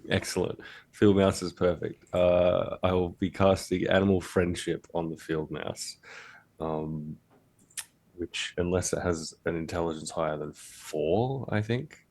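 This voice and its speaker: Deep-voiced man playing a tabletop game. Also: fairly even intonation, unhurried, darkish tone. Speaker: player. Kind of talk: tabletop role-play chat.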